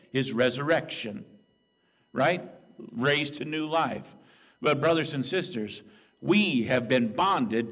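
A man preaches from the pulpit in an earnest, conversational manner, checking in with his listeners as he goes. His delivery moves between hushed, reflective stretches and raised, emphatic peaks. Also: mid-range voice. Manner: earnest, conversational preaching with "right?" and "okay?" asides. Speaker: pastor. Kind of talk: sermon.

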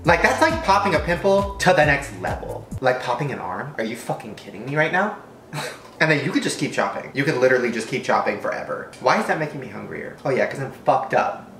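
A man's voice: medium pitch, sing-song, a little fast, reverberant, over music. A man rambling crudely and swearing through a comedic food-tasting vlog. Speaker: vlogger.

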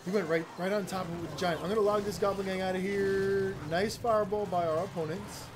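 A man giving chatty, excitable, slangy commentary while playing a mobile game, with sarcastic asides. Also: high voice, quick pace, noisy background. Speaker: gaming YouTuber. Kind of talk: casual gameplay commentary. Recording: game music behind the voice.

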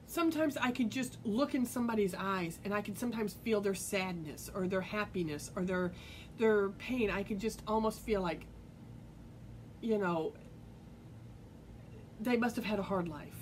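A woman's voice: mid-range voice, normal speed, a little hiss or hum, rough recording. Rambling woman telling a personal story. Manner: rambling, filler-heavy, earnest. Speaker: vlogger. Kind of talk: casual personal storytelling to camera.

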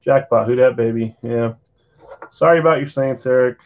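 A man with a medium-pitched voice at normal speed hosts a live card break stream. He's yawning and tired, chatting casually as he calls out bids and sales, and the lo-fi audio is slightly dull.

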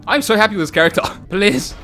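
A man's voice: high voice, lively intonation, quick pace, faint music behind. Rowdy, laughing young gamer man. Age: young adult. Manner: rowdy, joking, often laughing and yelling. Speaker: gaming YouTuber. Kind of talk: comedic let's-play commentary.

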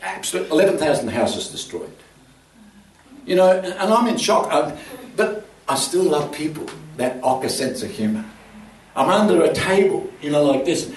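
An older man, preaching an animated sermon that he tells as a story, laughing as he goes. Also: a little high, normal speed, slight background noise. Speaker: pastor. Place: church. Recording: roomy church sound from a distant mic.

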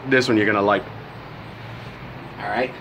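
A man's voice: on the low side, fairly even intonation, moderate pace, a bit bright, dull audio, a little hiss or hum. A young man giving a brash, profane supplement review in a casual vlog, telling his story with lots of animation.

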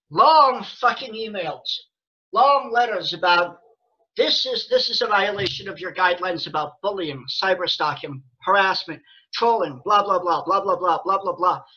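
Bright, husky man ranting angrily. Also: sits high, highs cut off. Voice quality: profane, sarcastic, restarting often. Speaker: vlogger. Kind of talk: angry rant to camera.

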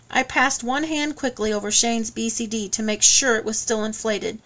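This audiobook narrator reads scripted first-person text in a steady, measured way. Her voice is somewhat high.

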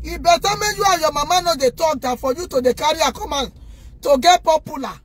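A woman with a Nigerian accent in an impassioned rant to the camera, scolding loudly and indignantly and addressing her viewers directly. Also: high-pitched, fast talker, slight background noise.

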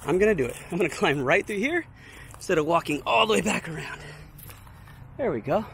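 A man filming a casual walking vlog outdoors, chatty and excited, talking straight to his viewers and a little out of breath in the heat. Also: high-pitched, brisk, gravelly, slight background noise. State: slightly out of breath. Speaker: vlogger visiting a film location. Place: outdoors by a steel bridge in hot dry hills.

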